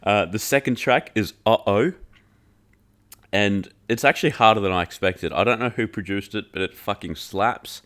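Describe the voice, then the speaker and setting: Deep-voiced man chatting loosely. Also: moderate pace, fairly bright tone. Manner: loose and joking, heavy filler "like", swears freely. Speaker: podcast host reviewing an album. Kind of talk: casual chat.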